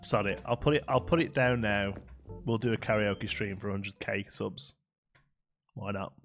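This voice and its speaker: A man's voice: fairly low pitch, moderate pace, gravelly, fairly bright tone, faint music behind. Chatty man streaming a game. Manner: chatty and rambling, laughs often, hums and sings snippets. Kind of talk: casual chat while playing a game live.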